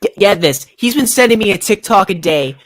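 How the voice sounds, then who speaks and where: A man's voice: sits high, lively intonation, a little fast, a bit bright, no room sound. A man co-hosting a podcast in casual chat, giving short, dry, teasing replies. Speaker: podcast co-host.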